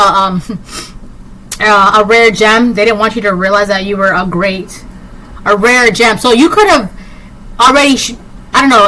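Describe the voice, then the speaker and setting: A tarot reader, a woman, gives a casual reading that rambles sassily and is packed with "like" and "um." She speaks on the high side with a fairly bright tone, and the low-quality recording carries a little hiss or hum.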